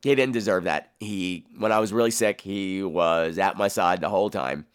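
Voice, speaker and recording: A man's voice: low-pitched, moderate pace, clean tone, no echo, clean studio sound. A man hosting a podcast in a casual monologue, telling stories in a campy, theatrical way and swearing freely. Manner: animated, profane storytelling. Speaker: podcast host.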